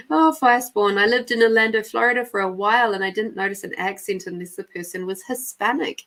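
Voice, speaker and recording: A woman from New Zealand with a New Zealand accent, hosting a live stream and chatting casually with viewers, unhurried and quick to laugh. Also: medium pitch, fairly bright tone. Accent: New Zealand, softened by years in South Australia. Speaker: podcast host and intuitive reader.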